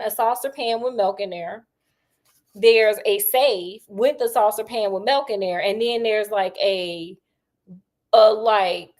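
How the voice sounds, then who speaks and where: A woman storyteller retelling a classic detective tale in a chatty, slangy, animated way. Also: mid-range voice. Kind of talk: casual comic story retelling.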